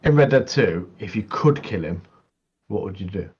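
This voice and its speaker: Husky man on a lo-fi mic. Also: lowish voice, moderate pace. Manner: laughs often, animated retellings. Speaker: podcast co-host. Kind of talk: casual gaming chat.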